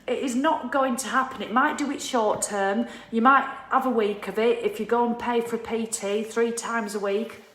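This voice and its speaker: A woman giving a casual, animated motivational talk, ranting and swearing freely and laughing at herself. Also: on the high side, moderate pace, hardly any pauses, echoey room. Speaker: motivational vlogger.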